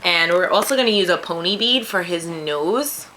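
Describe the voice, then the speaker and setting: A woman's voice: lowish voice, expressive, normal speed, pushed and bright, a little hiss or hum, poor audio. A woman with a New York accent giving a casual step-by-step craft tutorial, chatty and joking at her own slips. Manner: chatty, self-deprecating asides.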